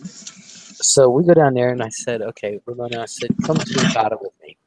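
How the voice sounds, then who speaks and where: A man's voice: medium pitch, fairly quick, heavy background noise. A man from Ohio telling a rambling personal story in casual chat. He swears freely and acts out the voices of the people in it. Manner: animated, profane, acts out quoted voices.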